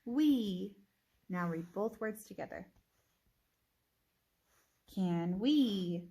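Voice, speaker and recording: A woman teacher giving a phonics reading lesson, sounding out words slowly and deliberately with encouraging praise. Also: mid-range voice, animated, dark tone, slightly rough.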